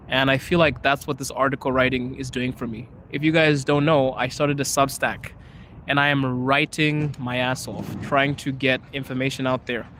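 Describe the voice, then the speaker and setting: A man's voice: medium pitch, a bit bright, a little hiss or hum. A young man hosting a casual live chat outdoors on a city street, talking in an emphatic, earnest way. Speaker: livestream host.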